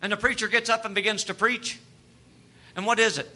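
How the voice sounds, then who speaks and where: A male preacher, delivering a sermon that moves between hushed, tender passages and loud, animated storytelling. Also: sits high, fairly quick.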